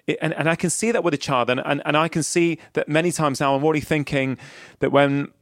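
A man's voice: on the high side, fairly even intonation, fast talker, a bit bright, no echo, clean studio sound. A man who hosts an interview and works as a family doctor, talking in a reflective, thoughtful way. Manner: thoughtful, reflective, with some restarts. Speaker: host, general practitioner. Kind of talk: conversational podcast interview.

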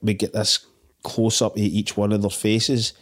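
A Scottish man co-hosting a casual film podcast, swearing freely and recounting scenes with animated outbursts. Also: fairly low pitch, normal speed. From Scotland. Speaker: podcast co-host.

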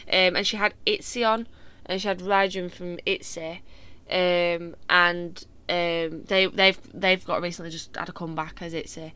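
A woman co-hosting a casual podcast chat, gushing and excitable as she talks about her favourite acts. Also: on the low side, normal speed, clear, resonant tone. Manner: gushing and excitable fan talk. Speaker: podcast co-host.

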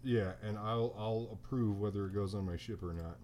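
A man's voice: lowish voice, moderate pace, a little mellow, a little hiss or hum. Joking male podcast host. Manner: joking, dry wisecracks. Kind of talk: casual podcast banter.

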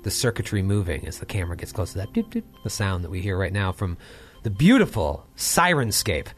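A man running a science fiction tabletop game as game master, narrating scenes dramatically and dropping low for the tense moments. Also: big pitch swings, fairly quick.

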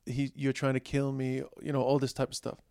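A man's voice: medium pitch, completely flat delivery, a little fast, darkish tone, clear, resonant tone, no echo, clean studio sound. A man hosting an interview, asking blunt, sympathetic questions and swearing casually. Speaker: interviewer, host. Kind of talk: candid interview conversation.

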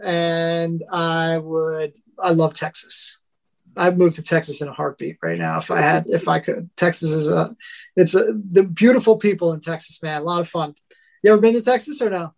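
A man with a thick New York accent, a podcast guest telling stories in a halting way, often restarting and laughing. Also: a little high, gravelly. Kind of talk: casual interview chat.

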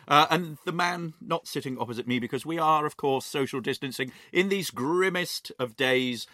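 A man with a bright, forceful voice that swoops up and down as he talks. He co-hosts a history podcast from his home study, and his playful, enthusiastic delivery is captured close and dry with no room sound. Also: mid-range voice, dry recording. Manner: animated, playful, lively storytelling. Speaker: history professor and podcast co-host. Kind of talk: enthusiastic conversational podcast talk. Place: home study or shed, recording remotely.

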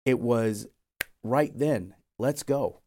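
A man's voice: mid-range voice, slow pace, warm tone, slight background noise. A young man telling his story of being called to missions in an earnest, storytelling way. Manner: earnest, storytelling with acted quotes. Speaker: missionary guest. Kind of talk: testimony in interview.

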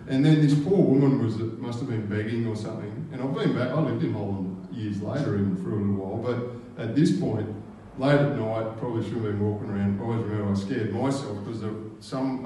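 A man's voice: medium pitch, mellow, slight background noise. An Australian man telling a true story on stage at a live event, rambling and casual and swearing freely. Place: live arts venue stage. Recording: roomy live hall from a distance.

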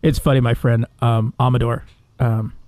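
A man's voice: mid-range voice, level tone, moderate pace, a little mellow, no echo. A man co-hosting a podcast, chatting loosely, often laughing and acting out quoted lines. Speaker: podcast co-host. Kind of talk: casual chat.

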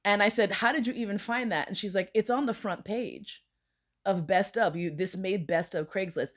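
With a mid-range voice at a normal pace, a podcast guest chats casually through a bawdy story. She gets animated, doing voices for the people she quotes, and swears with abandon.

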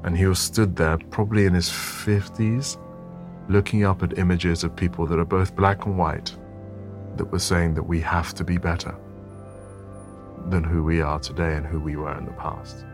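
A man's voice: low voice, flat delivery, normal speed, over music. A man, a photographer telling a story thoughtfully in an interview and often repeating words as he gathers his thoughts. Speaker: photographer guest.

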